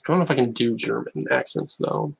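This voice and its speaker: A man's voice: medium pitch, brisk, creaky, slightly rough, low-quality recording. A man chatting casually to viewers on a live stream, rambling and hesitant with many restarts. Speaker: YouTuber.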